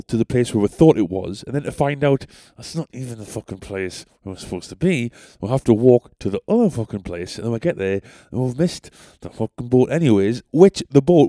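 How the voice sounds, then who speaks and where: A man's voice: mid-range voice, dark tone, dry recording. A young man who tells stories on a podcast in a rambling, sweary, self-deprecating way. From North East England. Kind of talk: casual storytelling.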